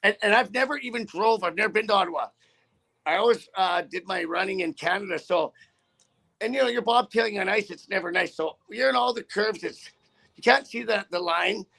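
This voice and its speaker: High gravelly trucker man, cursing. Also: a little fast, sharp tone. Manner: profane, rambling, heated. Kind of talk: casual storytelling in an interview.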